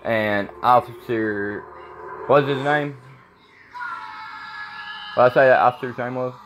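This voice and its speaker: A man's voice: mid-range voice, measured pace, over music. A man in his thirties, a vlogger talking to camera in a blunt, rambling way, repeating himself. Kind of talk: casual rambling monologue to camera.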